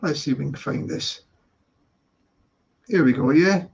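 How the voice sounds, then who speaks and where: Scottish male streamer, chatty and rambling, slow delivery, muffled lo-fi home audio. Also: fairly high pitch, vocal fry, a little mellow, slightly rough. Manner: rambling, chatty, talks to viewers in the chat. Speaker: livestream host. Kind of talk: casual live-stream chat. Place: home flat.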